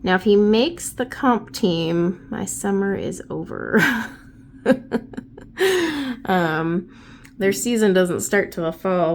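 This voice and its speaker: A woman's voice: lowish voice, steady tone, slow pace, a little mellow, slight background noise. A woman in her thirties, a craft YouTuber, chatting casually and rambling with many fillers while she paints, just over bronchitis. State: recovering from bronchitis.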